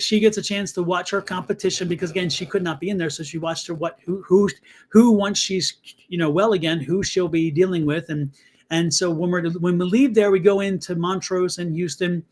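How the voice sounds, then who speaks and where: A man co-hosting a live tarot stream, telling a personal story in a casual, conversational way. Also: high-pitched. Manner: storytelling, conversational, quick asides. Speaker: tarot reader co-host.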